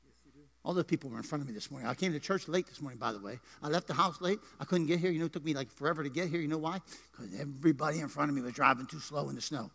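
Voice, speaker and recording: Joking male pastor, bright high voice, live church sermon in a reverberant room. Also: racing, creaky. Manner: playful, joking banter with the congregation. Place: church sanctuary.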